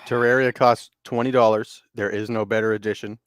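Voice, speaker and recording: A man co-hosting a casual chat, telling animated gaming stories, swearing freely and laughing often. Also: fairly low pitch, a little fast, clear, resonant tone, no echo, clean studio sound. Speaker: podcast co-host.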